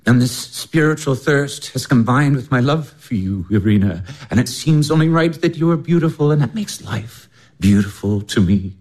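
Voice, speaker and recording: An earnest young baron in his twenties, played by a man, gentle and idealistic. His voice sits at an ordinary middle pitch. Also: expressive, normal speed, close to an everyday voice. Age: 20s.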